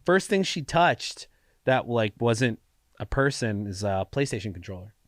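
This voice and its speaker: A man's voice: medium pitch, sing-song, a little slow. A young man co-hosting a podcast, his voice stuffy and congested from a lingering cold. He sounds tired but stays easygoing. The sound is dry and close, with no room echo. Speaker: podcast co-host. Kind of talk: casual chat.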